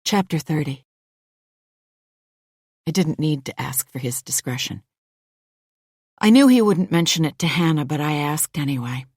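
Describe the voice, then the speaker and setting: A woman narrating a first-person thriller audiobook in an intimate, measured storytelling manner. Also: low voice, expressive, darkish tone, slightly rough, no echo, studio quality.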